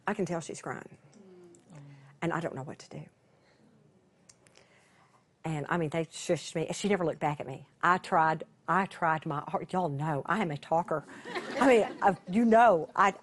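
With a lowish voice at normal speed and slight background noise, a woman Bible teacher relates a personal story for her broadcast viewers. She talks conversationally, restarts sentences, laughs at herself, and softens to a hush in tender moments.

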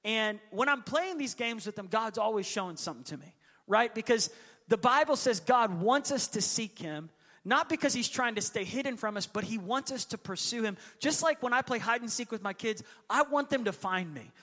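High, bright-voiced man preaching in an echoey hall. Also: normal speed. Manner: lively storyteller who acts out his kids' voices. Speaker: pastor. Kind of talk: sermon with personal storytelling. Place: church hall.

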